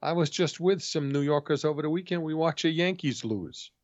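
A man's voice: on the high side, a little fast, dry recording. A man from New England hosting a casual chat, joking and stumbling over his words. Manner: joking, stammers when excited. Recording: dull, dry sound.

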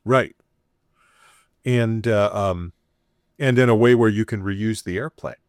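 In a dry, studio-quality recording, a man with a lowish voice casually tells a story on a podcast, speaking a little slowly. He brings it to life by playfully performing the quoted dialogue, chuckling along the way.

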